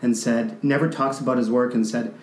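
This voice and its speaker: Emotion shows as a Canadian man recounts a very personal story, his speech halting and full of restarts. He speaks at a middle pitch with fairly even intonation, and the room sound is noticeably echoey.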